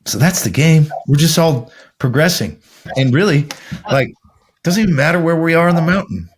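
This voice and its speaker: A man's voice: on the high side, expressive, moderate pace, slight background noise. A man coaching other men, talking in an intense, profane, preachy way as a podcast guest. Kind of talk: blunt motivational talk.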